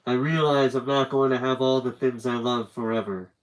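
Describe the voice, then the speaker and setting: A frightened teenage boy pours out a farewell letter, read by a man in his own voice. The reading is slow, halting and tender, at a middling pitch for a man. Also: steady tone, close to an everyday voice, poor audio. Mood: scared, tender.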